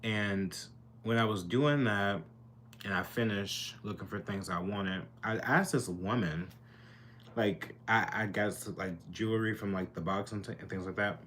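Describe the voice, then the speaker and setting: A man's voice: fairly low pitch, unhurried, a bit bright, a little hiss or hum. A young man telling a casual storytime to camera in his bedroom, chatty and sassy with lots of fillers. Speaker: vlogger.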